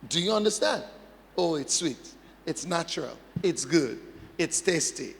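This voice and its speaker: A man's voice: on the high side, very animated, normal speed, vocal fry, long reverb tail, slight background noise. A man preaching a sermon as pastor, emphatic, repeating phrases and asking the congregation questions.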